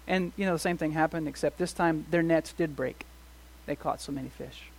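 Animated man preaching a sermon. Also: fairly high pitch, a little fast. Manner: animated, swings from soft to loud, rhetorical questions. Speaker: pastor.

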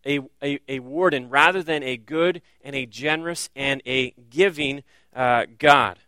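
A man's voice: medium pitch, measured pace, bright, forceful tone, clear, resonant tone, dry recording. A man preaching a sermon as pastor, earnest and direct, often driving points home with rhetorical questions.

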